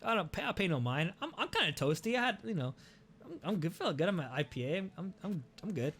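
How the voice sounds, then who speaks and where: A young man hosting a podcast, telling a story in a casual, animated way, swearing often and restarting his sentences. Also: sits high, quick pace, breathy edge. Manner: animated, profane, many restarts. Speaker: podcast host.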